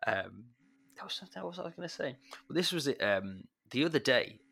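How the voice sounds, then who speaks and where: A man, a secondary school maths teacher, talking in a relaxed chat and acting out his pupils as he tells stories. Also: mid-range voice, brisk, creaky, slightly rough. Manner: chatty, animated when retelling pupils. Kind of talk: casual chat.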